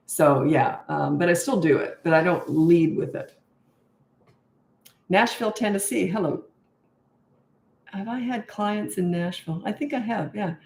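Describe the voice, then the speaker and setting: A woman's voice: fairly low pitch, unhurried, gravelly, pauses often, darkish tone. Blunt woman parenting coach, echoey room. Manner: blunt, emphatic, repeats herself for stress. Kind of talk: live-stream Q&A.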